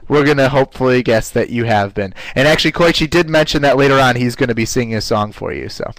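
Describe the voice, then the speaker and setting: A man's voice: quick pace, a bit bright, no echo, rough recording. Upbeat male webinar presenter, dry sound. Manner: upbeat, conversational, with frequent "uh" fillers; playfully shifts pitch to demonstrate voice technique. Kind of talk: live online class presentation.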